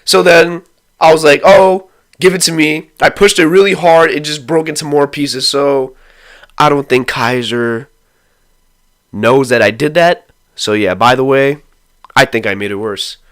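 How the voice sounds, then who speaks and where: A young man tells a story, loose and rambling, with heavy swearing and excitable retellings. His voice sits a little high and comes across sharp and bright. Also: measured pace. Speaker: vlogger telling a story. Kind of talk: profane casual storytime.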